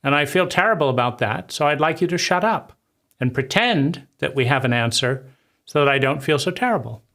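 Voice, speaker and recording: A man voicing an overwhelmed, hypocritical mother who is flustered, self-pitying and halting. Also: fairly high pitch, lively intonation, bright, forceful tone. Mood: defeated.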